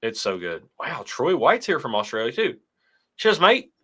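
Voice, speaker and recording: A man's voice: medium pitch, very animated, moderate pace, fairly bright tone, slightly rough. A man co-hosting a casual whiskey tasting livestream, chatting and reading viewer comments aloud. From United States. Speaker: whiskey show co-host.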